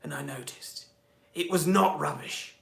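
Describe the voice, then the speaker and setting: A man imitating a boastful British celebrity footballer in a put-on British accent, telling a story in a pompous, mock-grand way with hushed moments. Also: a little high, measured pace, creaky, echoey room. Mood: hushed awe.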